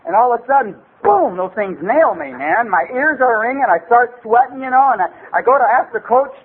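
High-voiced rambling storyteller on tinny tape. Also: male voice, lively intonation, fairly quick, breathy edge. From Los Angeles area. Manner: loose rambling delivery full of "man" and "you know". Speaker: recovery meeting speaker. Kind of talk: comic personal storytelling. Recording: tinny phone-like recording with faint hiss.

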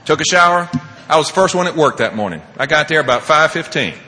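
A man sharing his personal recovery story as a speaker at a meeting, animated and laughing often, swinging between loud and hushed. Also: a little high, fast talker, in a large hall, noisy background.

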